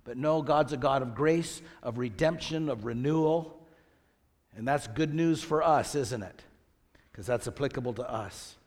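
A man's voice: mid-range voice, normal speed, darkish tone, long reverb tail. A man preaching a sermon as pastor, reading scripture aloud with rising emphasis and asking the congregation questions.

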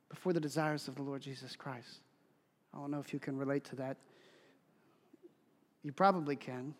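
A man preaching a sermon as pastor, telling stories in an animated, emphatic way. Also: sits high. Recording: long hall reverb.

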